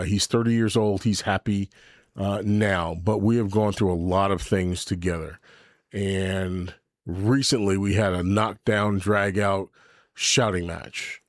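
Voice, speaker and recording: Rambling middle-aged man, lowish dry voice. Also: no echo. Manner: rambling, candid, swears freely; reads and answers live chat. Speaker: podcast host. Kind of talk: casual livestream chat. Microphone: desk mic with camera.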